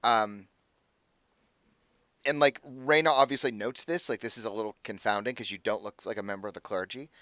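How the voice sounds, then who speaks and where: A man's voice: on the low side, normal speed, a bit bright, dry recording. A man narrating a tabletop game as game master, rambling with lots of fillers.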